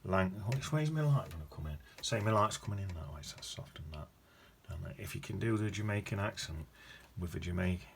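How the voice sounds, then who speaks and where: Brief: male painting tutor, deep voice, rambling self-correcting chat, noisy background hiss. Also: lively intonation, fairly quick, creaky, few pauses. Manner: chatty, thinking aloud while painting, self-correcting. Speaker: watercolour painting teacher. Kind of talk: casual painting demonstration. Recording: noticeable background noise.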